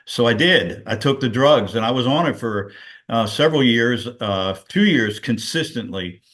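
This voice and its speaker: A man's voice: mid-range voice, animated, normal speed, a bit bright. Man, middle-aged, video call, rambling storyteller, lots of fillers. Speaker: guest sharing a personal story. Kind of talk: casual testimonial on a video call.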